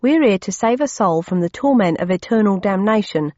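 A woman voicing a strong man who speaks quietly and firmly. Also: medium pitch, lively intonation, a little fast, no echo, natural voice. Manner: quiet and firm. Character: strong, calm man on a mission. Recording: dull lo-fi audio.

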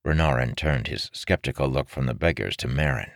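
A man narrating a fantasy novel in a measured, expressive storytelling manner. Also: extremely low pitch, creaky, no echo, clean studio sound. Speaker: audiobook narrator.

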